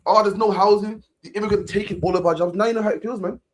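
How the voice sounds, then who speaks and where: Leading a casual discussion, a man talks emphatically in long rants, closing lines with "man." His voice sits high with fairly even intonation and a quick pace.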